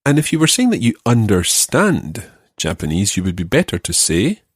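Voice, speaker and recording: A man teaching a podcast language lesson, patiently giving phrases and slowing down to model pronunciation. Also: lowish voice, wildly swooping pitch, breathy edge, no echo, studio quality.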